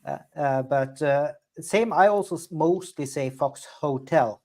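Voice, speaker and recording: A man from Norway talks on a relaxed panel in a slightly high voice. He explains his points in a chatty way. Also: a little slow. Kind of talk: casual panel chat.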